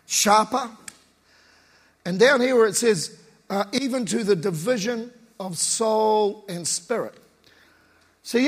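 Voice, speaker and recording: A man with a high, slightly husky voice preaches in a loose, conversational way, full of slang. His voice rings out with the long reverb of a large hall. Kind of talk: casual sermon.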